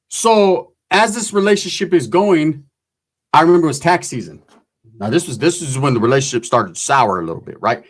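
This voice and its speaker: A middle-aged man tells a long, loose story packed with slang and profanity. His voice sits a little higher than most men's, and he keeps checking in with his listeners as he goes. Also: animated, fairly quick. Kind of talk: casual storytelling.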